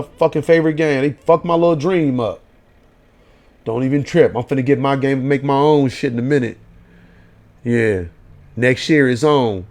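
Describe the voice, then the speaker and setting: A man, giving a profane late-night rant as a gaming vlogger. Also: mid-range voice. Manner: profane, animated ranting in slang.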